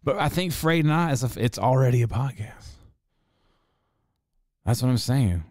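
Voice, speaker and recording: A man's voice: medium pitch, expressive, moderate pace, darkish tone, dry recording, studio quality. A young man hosting a podcast, talking in a loose, rambling, profane way with frequent laughter. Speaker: podcast host. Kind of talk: casual chat.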